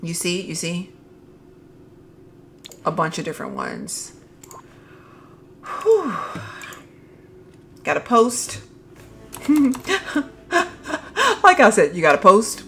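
A young adult woman giving excited, gushing commentary while touring new items in a video game, often calling out "y'all" to her viewers. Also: lowish voice, moderate pace, vocal fry, slight background noise. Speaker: gaming YouTuber.

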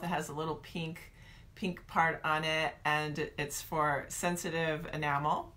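A woman talking through a self-help method in a chatty, animated vlog. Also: lowish voice, slow pace.

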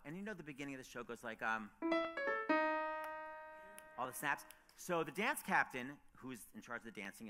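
A man on stage at a festival, telling excited, gushing anecdotes and acting out the people he quotes. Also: mid-range voice. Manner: gushing, excitable, quick asides, acts out quotes. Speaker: author and radio host speaking at a festival. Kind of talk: animated anecdotal storytelling on stage.

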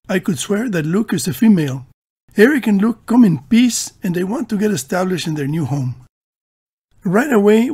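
High-voiced man, deadpan voice-over. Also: breathy edge. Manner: dry, deadpan humor. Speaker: video narrator. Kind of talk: scripted tongue-in-cheek narration.

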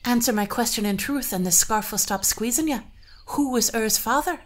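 A woman voicing a young bride who gives stern, deliberate commands. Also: on the high side, voice pushed up, natural voice. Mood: commanding.

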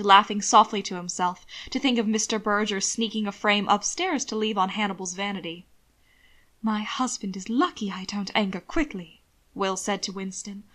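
A woman reading a fan fiction story aloud as narrator, in a calm, measured way. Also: mid-range voice. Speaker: audiobook reader.

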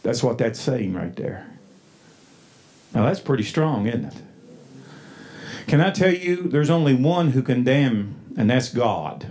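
An American man preaching a sermon from the pulpit, folksy, with frequent restarts and loud, emphatic passages. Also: medium pitch, sing-song, measured pace, pauses often. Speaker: pastor. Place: church sanctuary.

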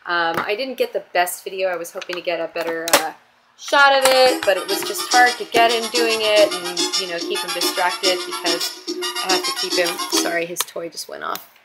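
A woman's voice: lowish voice, expressive, normal speed, over loud music. A young woman vlogging casually at home as a mom, chatty and doting, often stopping to coax her toddler.

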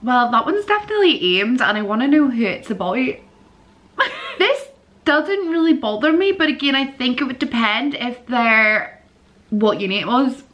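A young woman chatting casually in a vlog, giggly and animated, breaking into squeals and disgusted groans. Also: a little high, moderate pace, lo-fi sound. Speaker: vlogger.

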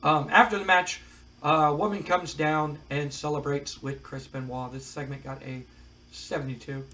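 Reading match results from a wrestling sim, this commentator keeps things casual and adds dry remarks along the way. His fairly high voice stays steady and sharp at a moderate pace. The recording is rough, with a little noise behind him.

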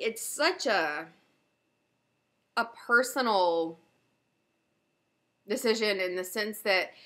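This knitting video podcast host is a Southern US woman whose voice sits on the high side, fairly bright in tone. She chats about her projects casually and with enthusiasm, show-and-tell fashion, dropping in frequent fillers.

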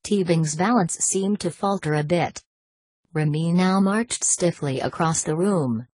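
A woman narrating an audiobook in a steady, even-paced reading voice. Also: lowish voice, unhurried, husky, dry recording.

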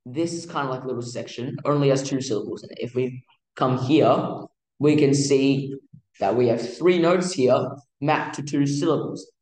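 A man teaching music theory in a casual, halting way, with many fillers and restarts. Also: mid-range voice, darkish tone, reverberant, poor audio. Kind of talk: casual explanatory lesson.

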